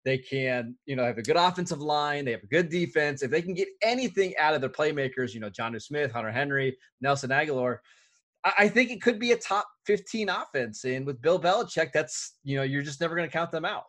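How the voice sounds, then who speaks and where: A man co-hosting a sports podcast, asking questions and giving his views in a steady, casual way. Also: a little high, a little fast. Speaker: podcast co-host.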